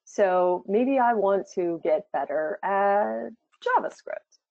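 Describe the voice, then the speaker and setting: A woman's voice: expressive, takes it slowly, vocal fry, no echo. A woman presenting a live product demo, talking it through casually with fillers as she goes. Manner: chatty, thinking aloud with fillers. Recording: dull low-fidelity sound.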